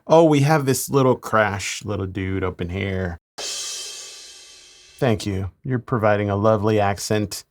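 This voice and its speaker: Lower-voiced man explaining drum mixing. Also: normal speed, few pauses. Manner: relaxed explaining, playful asides. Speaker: mix engineer. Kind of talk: mixing tutorial.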